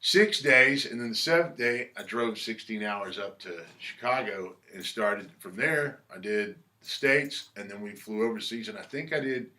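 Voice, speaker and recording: A musician being interviewed in a record shop spins relaxed stories, curses freely, and imitates what others told him. He speaks in a lowish, sharp-toned voice at a moderate pace with few pauses.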